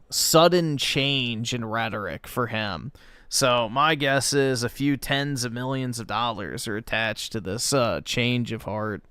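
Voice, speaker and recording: A man's voice: mid-range voice, fairly bright tone, clean tone, dry recording, clean studio sound. A man hosting a livestream, chatting loosely and offhand with lots of profanity. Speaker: livestream host. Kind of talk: casual stream commentary.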